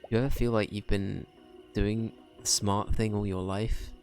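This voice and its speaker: A man reading the lines of an anxious first-time adventurer softly, in his own low voice. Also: flat delivery, measured pace, faint music behind. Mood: weary. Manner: quiet, subdued reading of game dialogue. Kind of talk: reading game dialogue aloud.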